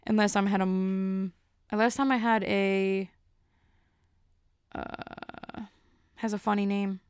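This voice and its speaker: A woman's voice: medium pitch, steady tone, slow pace, darkish tone, clean tone, no room sound. A young woman hosting a podcast alone, telling a rambling casual story full of fillers. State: a bit out of breath. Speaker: podcast host. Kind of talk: casual solo podcast chat.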